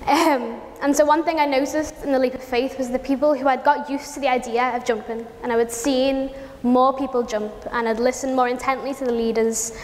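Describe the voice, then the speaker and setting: Woman, preacher, conversational sermon, high voice, echoing hall, faint background noise. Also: fairly even intonation, brisk. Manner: conversational and informal, with some restarts.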